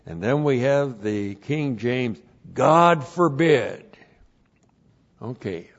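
A man teaching scripture in a sermon, emphatic and deliberate, laying out numbered points and repeating each one, on a dull lo-fi recording. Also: medium pitch, expressive, darkish tone. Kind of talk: verse-by-verse Bible teaching sermon.

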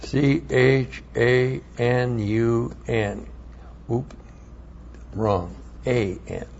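A man's voice: mid-range voice, steady tone, drawn-out words, a little mellow, muffled recording, slight background noise. A man teaching a sermon, studying Hebrew words, who repeats key phrases and spells out letters with emphasis. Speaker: Bible teacher.

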